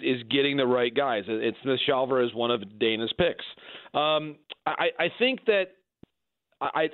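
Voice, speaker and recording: Man on a thin phone line, measured. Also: medium pitch, dry recording. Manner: measured, frequent restarts and repeated words. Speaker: baseball analyst guest. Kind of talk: conversational sports analysis.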